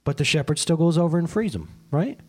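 A man preaching a sermon in a chatty, joking way, often dropping suddenly to a hushed tone. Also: fairly high pitch, animated, fast, a little hiss or hum. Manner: conversational, jokey preaching with sudden drops to a hushed tone. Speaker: pastor.

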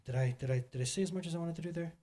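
A man's voice: a little high, racing, warm tone. A middle-aged man preaching a casual, conversational sermon, joking and talking straight to the congregation. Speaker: pastor.

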